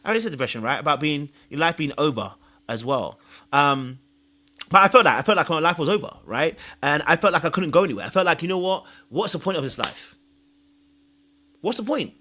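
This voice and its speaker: A man's voice: fairly high pitch, lively intonation, fast talker, pushed and bright. A man hosting a podcast, giving emphatic, confessional dating advice. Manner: emphatic, confessional, acts out own thoughts. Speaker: podcast host and dating coach. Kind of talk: animated advice monologue.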